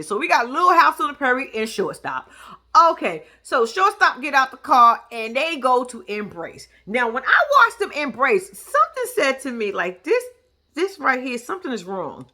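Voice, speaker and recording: In a high-pitched, unhurried voice, a woman gives casual commentary as a reality TV recap vlogger. She recaps the episode with sassy, profane, animated storytelling, sarcastic and teasing throughout.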